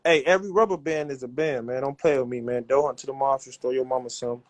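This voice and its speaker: A man who runs a rap label, talking loud and profane in repetitive hype bursts while he pushes a cash giveaway on a livestream. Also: medium pitch, fairly even intonation, fast. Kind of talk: hyped social media livestream.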